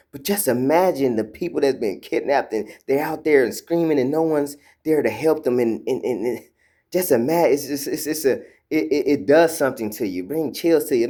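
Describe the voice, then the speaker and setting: Rambling man telling a spiritual story. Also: mid-range voice. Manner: rambling, repeats words, many "you know" fillers; retells quotes in a lively animated way. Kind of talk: casual personal storytelling.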